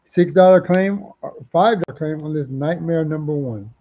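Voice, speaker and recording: A man's voice: on the high side, normal speed, dull audio. Chatty man hosting a live comic auction. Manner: chatty, repeats prices and titles, reads out viewer comments. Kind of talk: casual live-stream selling.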